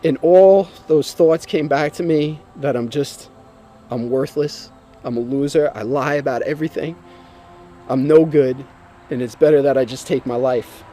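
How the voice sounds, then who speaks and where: A man's voice: on the high side, normal speed, mellow, faint music behind. A man earnestly and emotionally telling his personal testimony, sometimes repeating himself as he speaks.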